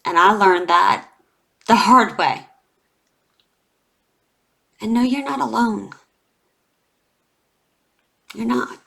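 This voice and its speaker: A woman's voice: mid-range voice, very slow, gravelly, pauses often, bright, forceful tone. Emotional woman in her forties, confiding. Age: 40s. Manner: heartfelt, confiding, with many fillers. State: emotional, near tears. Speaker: tarot reader. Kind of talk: emotional tarot reading vlog.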